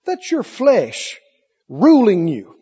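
A man preaching a sermon with lively delivery, playing out cravings in mock voices, recorded on a muffled tape in a hall. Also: high voice, slow pace, slightly rough.

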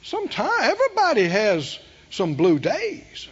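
A male pastor preaches slowly and emphatically, his high voice rising and falling widely as he poses rhetorical questions to the congregation. The recording sounds muffled, with a long reverb from the church hall. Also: huge pitch swings, husky. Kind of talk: sermon.

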